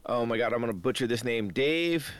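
A man chatting about movies with eager, rambling energy. He restarts his sentences often and keeps the conversation rolling. His voice sits at an ordinary pitch and is recorded close and dry, with no room sound. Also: lively intonation, a little fast, dry recording. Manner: rambling, enthusiastic, many restarts. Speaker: podcast co-host. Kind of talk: casual movie chat.

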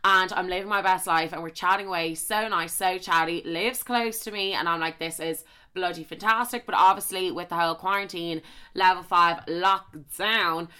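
A young Irish woman hosting a podcast, telling a story in a rambling, animated way full of swearing and asides, close on the mic. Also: on the low side, normal speed, clean tone. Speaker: podcast host. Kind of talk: casual storytelling chat. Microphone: close studio mic with popping.

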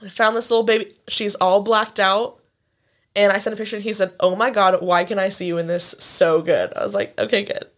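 A woman's voice: mid-range voice, steady tone, fairly quick. A young woman co-hosting a casual chat, telling stories animatedly with lots of fillers and swearing. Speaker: podcast co-host.

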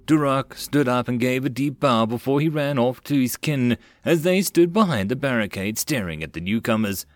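Male audiobook narrator, plain even reading, mid-pitched voice, dry close recording. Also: moderate pace, no room sound.

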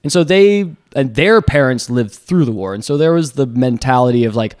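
A man with a mid-range voice talks through his ideas in a relaxed, conversational way. He sounds thoughtful as he builds on what the others say. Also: medium pitch, normal speed. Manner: reflective, explains ideas. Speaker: podcast guest. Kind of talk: casual chat.

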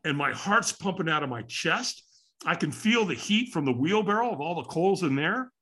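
Man in his sixties, podcast guest, storytelling, lively swooping pitch, higher voice. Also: normal speed, slightly rough. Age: 60s. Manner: animated, acts out quotes with big pitch swings.

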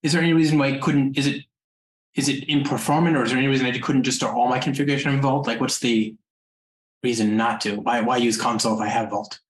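A man's voice: medium pitch, fairly even intonation, fast, echoey room, rough recording. A man hosting a podcast interview, asking rambling questions full of restarts and "like". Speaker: podcast host. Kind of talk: casual interview chat.

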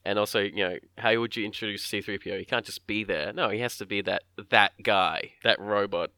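A man casually talking through a film scene by scene, often acting out characters' lines in quick voices. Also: on the low side, pushed and bright, no room sound, studio quality.

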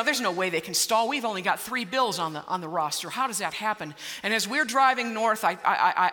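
A middle-aged woman gives a lively story-driven speech with a very bright, sharp voice. She tumbles over repeated words when she gets worked up, and her voice rings out with the long reverb of a big hall. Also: on the high side. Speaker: public speaker.

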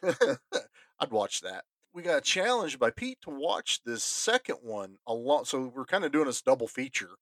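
A man's voice: mid-range voice, big pitch swings, a little slow, fairly bright tone, no room sound. Enthusiastic podcast co-host man. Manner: enthusiastic, restarts often. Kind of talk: casual movie review chat.

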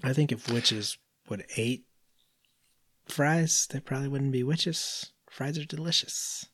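A man's voice: medium pitch, measured pace, breathy edge, no room sound. A man co-hosting a podcast, bantering and cracking jokes in casual chat. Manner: joking, animated. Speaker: podcast co-host.

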